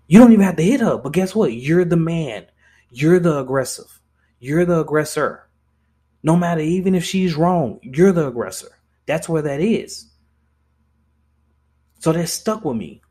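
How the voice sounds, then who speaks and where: A man's voice: on the high side, animated, moderate pace, long pauses, warm tone, breathy edge. A young man hosting a podcast, talking in a blunt, impassioned way with lots of swearing and restarts. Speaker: podcast host. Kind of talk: casual podcast monologue.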